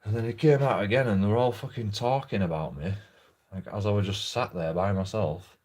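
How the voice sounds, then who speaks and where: A man telling a rambling, sweary story about a night at a pub, with lots of halting restarts. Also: on the low side, a little mellow. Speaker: vlogger. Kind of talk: casual storytelling monologue.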